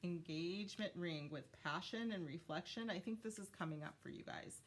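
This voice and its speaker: A woman with a low, deep voice gives a casual tarot reading, talking straight to her viewers. She is chatty and loose, full of ums, and stops now and then to thank her spirit guides. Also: normal speed, slight background noise. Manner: chatty, many fillers, talks to spirit guides. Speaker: tarot reader.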